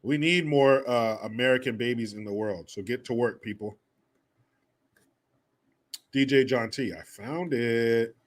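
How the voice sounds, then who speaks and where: A man's voice: medium pitch, measured pace, pauses often. A man hosting a livestream, chatting casually and reading viewer donations with crude, profane jokes. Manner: crude, joking, profane banter. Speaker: livestream host.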